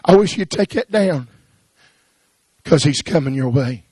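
A man preaching a sermon, swinging from hushed pleading to rising, shouted cadences. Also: fairly high pitch, expressive, measured pace, breathy edge, dry recording.

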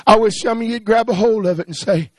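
A man preaching a sermon, swinging from hushed pleading to rising, shouted cadences. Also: sits high, quick pace, no echo.

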